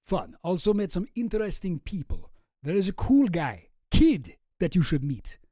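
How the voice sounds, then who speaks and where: A man's voice: sits high, sing-song, normal speed, dark tone, dry recording, studio quality, pitched above the performer's own voice. A man putting on a campy, vampire-like Russian accent to read out another man's emails. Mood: mock-sinister.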